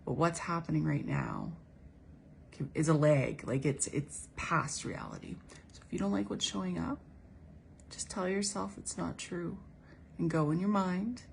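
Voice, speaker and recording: A woman's voice: on the low side, vocal fry, fairly bright tone, slight background noise. A woman spiritual coach giving an earnest, casual motivational monologue, often restarting and playing out imagined inner dialogue. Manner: earnest, repeats herself, quotes imagined speech.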